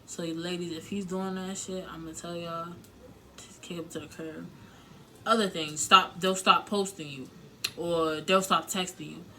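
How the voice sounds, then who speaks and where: This low-quality recording, carrying a bit of hiss or hum, captures a young woman's casual vlog of blunt relationship advice delivered to camera. Her lowish voice is bright and forceful, fairly even in intonation and a little slow. She gets emotional, curses openly, and uses lots of filler words.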